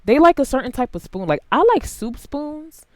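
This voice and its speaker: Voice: big pitch swings, normal speed, no room sound. Blunt, profane tarot reader, dry sound. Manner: big jumps in pitch and loudness. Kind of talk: casual tarot reading to camera.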